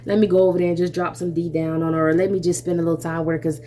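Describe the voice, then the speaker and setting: A woman's voice: fairly low pitch, flat delivery, very fast, dark tone, slight background noise, pitched below the performer's own voice, lightly acted. A woman playing a frustrated young man who bluntly questions his partner about why she pulled away. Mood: confronting, wondering. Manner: blunt, questioning, street-casual.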